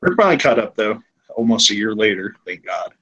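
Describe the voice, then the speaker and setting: A man's voice: lowish voice, sing-song, a little fast, a bit bright, breathy edge, low-quality recording. A man hosting a casual podcast chat, telling loose, profane stories and acting out quotes. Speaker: podcast host.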